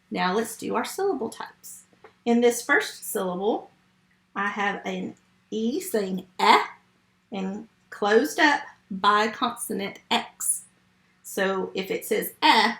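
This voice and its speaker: A woman's voice: fairly high pitch, a bit bright, echoey room. A woman teaching a first grade phonics lesson remotely, patient and step by step. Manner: slow, patient, step-by-step teaching to young children.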